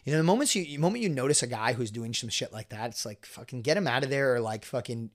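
A man's voice: mid-range voice, animated, quick pace. A young man in a casual podcast chat, rambling with many fillers and frequent swearing. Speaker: guest co-host, grappler.

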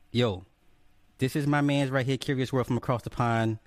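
With a medium-pitched, steady, and clean voice, a man chats casually on a live stream at an unhurried pace, cracking jokes, cursing freely, and welcoming viewers by name in turn. The recording is dry.

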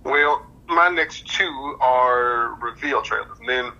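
A man co-hosting a casual podcast chat, blunt and profane, with deadpan complaints. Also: medium pitch, slow, dull audio. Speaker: podcast co-host.

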